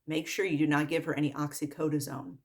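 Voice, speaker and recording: A woman's voice: low voice, flat delivery. Exasperated woman ranting about patients. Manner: exasperated, repetitive, rapid-fire lists. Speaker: medical worker. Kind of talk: ranting vlog monologue.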